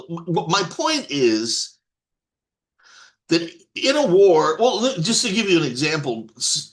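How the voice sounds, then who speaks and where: A man's voice: a little high, fairly bright tone. A man giving an off-the-cuff political monologue to his viewers, rambling with many restarts and blunt swearing. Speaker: political commentator.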